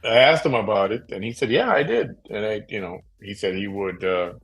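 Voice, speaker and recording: A man hosting a late-night talk show, chatting casually in a rambling way with many fillers and pauses. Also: fairly low pitch, a bit bright, soft background music, rough recording. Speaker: podcast host.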